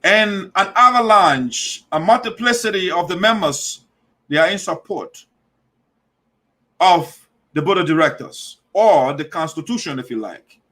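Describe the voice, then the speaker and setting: A man's voice: high-pitched, lively intonation, unhurried, bright, forceful tone. A man from Liberia with a Liberian English accent, hosting a political commentary show, talking emphatically and repeating himself with restarts. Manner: emphatic, repetitive, restarts mid-phrase. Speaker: show host.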